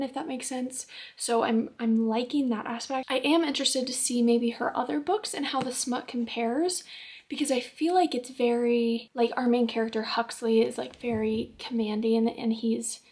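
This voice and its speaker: Young woman, book vlogger, casual chat, slightly high voice, gravelly fry, filler-heavy. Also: darkish tone. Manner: chatty, filler-heavy, drops to a near-whisper at times. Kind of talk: casual book review vlog.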